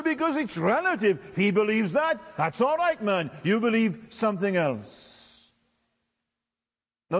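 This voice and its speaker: A man preaching a sermon with emphatic delivery, from Britain. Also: in a large hall. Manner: emphatic, with sweeping pitch swings.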